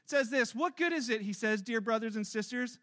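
A middle-aged male pastor with a strikingly high, bright voice preaches a sermon. He tells stories with energy and acts out the people in them, getting loud at the peaks. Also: a little fast. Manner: storytelling, animated, acts out quotes with rising loudness.

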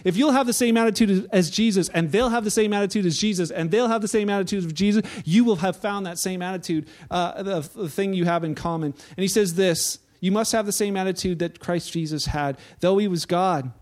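A man preaching a sermon in a relaxed, conversational way, telling anecdotes and often restarting his sentences. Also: high voice, brisk, few pauses. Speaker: pastor.

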